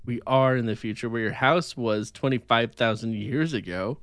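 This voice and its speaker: A man's voice: mid-range voice, moderate pace, fairly bright tone, smooth, no room sound, close to an everyday voice. A man voicing a laid-back, time-travelling male bunny who talks in casual slang. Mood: boastful.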